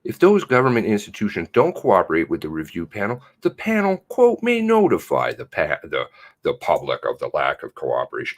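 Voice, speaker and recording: A man hosting his own channel, reading out a news release in a furious, swearing rant that swings from shouts to hushed mutters. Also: sits low, huge pitch swings, brisk. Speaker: channel host.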